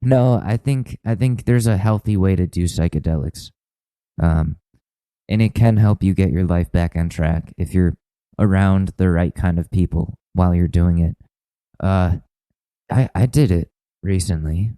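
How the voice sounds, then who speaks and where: A rambling, profane young podcast host. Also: male voice, low voice, unhurried, warm tone, clean tone, no echo, rough recording. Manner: rambling, self-mocking, profane. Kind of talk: rambling comedic monologue.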